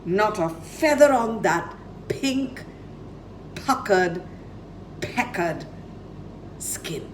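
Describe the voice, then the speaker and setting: A woman's voice: medium pitch, animated, extremely slow, pauses often, background noise. A woman telling a children's story dramatically, dropping to near-whispers for effect.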